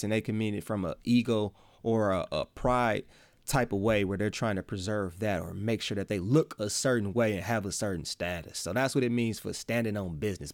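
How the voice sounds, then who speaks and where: A man with a Midwestern accent hosting a casual faith podcast, talking excitably in slang and repeating his phrases. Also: on the low side, dry recording, clean studio sound. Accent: Midwestern American. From American Midwest. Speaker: podcast host.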